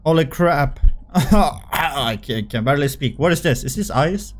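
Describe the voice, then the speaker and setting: A young man giving casual, jokey commentary while playing a horror game, excitable and swearing freely. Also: fairly high pitch, measured pace. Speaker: gaming video creator. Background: faint game music.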